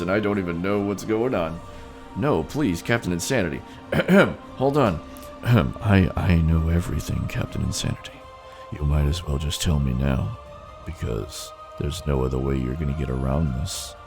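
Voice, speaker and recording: Hamming up a king persona, a streamer with a very low, deep voice chats playfully with his viewers on a casual live stream, addressing his chat directly. His delivery is theatrical, with lively intonation at a normal speed, and faint music plays underneath.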